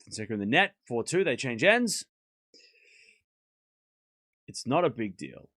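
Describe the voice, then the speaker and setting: A man's voice: medium pitch, sing-song, measured pace, pauses often, a bit bright, no room sound. Guy streaming tennis, bouncy voice, dry close sound, joking with chat. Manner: chatty, teasing the chat, calls points as they happen. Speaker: streamer calling a tennis watchalong. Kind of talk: casual live-stream commentary.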